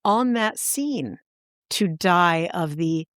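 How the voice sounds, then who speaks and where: A woman co-hosting a podcast, telling a story in casual chat with animated enthusiasm and sudden jumps in pitch for emphasis. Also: slow pace, no echo, clean studio sound. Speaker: podcast co-host.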